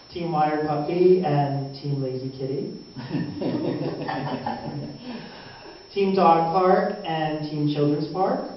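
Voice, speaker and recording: A slightly high-voiced man doing stand-up at an open mic, working slowly through a rambling set with plenty of ums and little laughs at himself. He's heard from a distance on a dull, lo-fi recording in a very echoey room, with a faint hum underneath. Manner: meandering, hesitant, frequent ums and self-laughing asides. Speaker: stand-up comedian. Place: small open mic venue.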